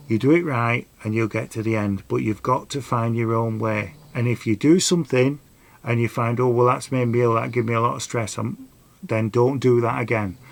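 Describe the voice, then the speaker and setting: A man's voice: mid-range voice, gravelly. A middle-aged man, telling a rambling personal story and giving earnest advice in a casual vlog. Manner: rambling, earnest, dialect grammar. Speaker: vlogger.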